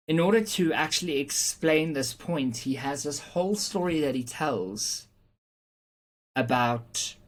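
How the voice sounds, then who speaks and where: A teacher giving an explanatory lesson on rhetorical devices, patiently working through examples and checking in with "okay?" along the way, with frequent "um" fillers. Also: mid-range voice. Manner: frequent "um" fillers and small restarts. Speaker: English teacher.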